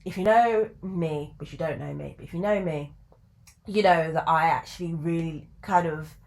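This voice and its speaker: A woman telling a story to camera in a casual, chatty way, full of fillers and asides, her pitch jumping up for emphasis. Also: moderate pace. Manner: chatty and animated, with sudden jumps in pitch for emphasis. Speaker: video creator.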